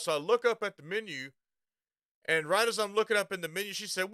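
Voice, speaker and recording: A man's voice: sits high, animated, quick pace, pushed and bright, dry recording, clean studio sound. A man with a Southern US accent telling a rambling, profane story and laughing at himself. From Southern United States. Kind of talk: casual storytelling.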